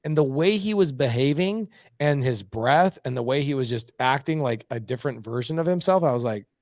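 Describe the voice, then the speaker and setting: A middle-aged man telling blunt, animated stories as a podcast guest. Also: medium pitch, brisk, no room sound, clean studio sound. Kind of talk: casual podcast conversation.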